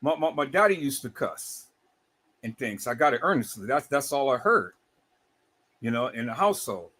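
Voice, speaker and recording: Animated, husky man preaching on a livestream. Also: medium pitch, normal speed. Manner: animated, repeats words, preacher-like cadence. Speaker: livestream host.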